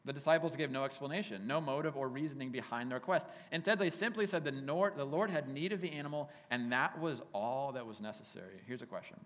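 Animated casual male pastor in a hall. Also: medium pitch, fast, hardly any pauses. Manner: casual, animated storytelling with frequent "like". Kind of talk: sermon. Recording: hall reverb.

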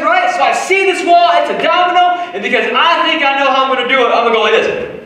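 A man preaching a sermon to a congregation, animated, swinging between shouted lines and hushed asides. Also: extremely high pitch, fast, hardly any pauses. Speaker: pastor. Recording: echoey hall, voice from far off.

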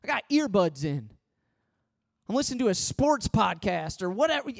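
A man preaching a sermon as pastor, swinging from loud pleading questions to hushed, earnest appeals. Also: high-pitched, big pitch swings, normal speed, gravelly.

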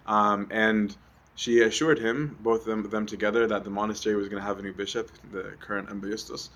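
A man's voice: fairly low pitch, flat delivery, fairly quick, bright, forceful tone. A young adult man giving a conversational sermon, often asking "right?" with many ums. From Egypt. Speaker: preacher.

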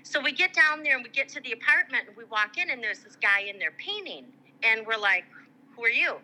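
A woman's voice: fairly high pitch, fairly quick, low-quality recording. A middle-aged woman from Michigan telling a long personal story in casual chat, acting out the voices of people she quotes. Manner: animated, acts out quoted voices. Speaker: guest.

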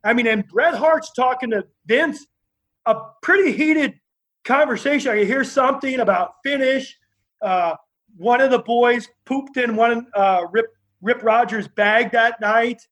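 A man telling lively stories as a guest, acting out the other people in his tales. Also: extremely high pitch, unhurried, poor audio. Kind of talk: animated anecdotal storytelling.

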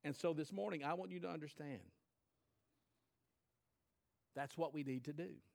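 A man preaching a sermon to his church, emphatic, rising high and loud then dropping low and quiet. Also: normal speed, creaky. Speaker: pastor.

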